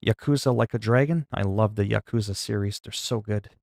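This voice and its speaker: A man's voice: lowish voice, fairly quick, vocal fry, darkish tone, no room sound, clean studio sound. A man chatting casually on a game livestream, rambling, joking and reading the chat aloud into a desk mic. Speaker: gaming livestreamer.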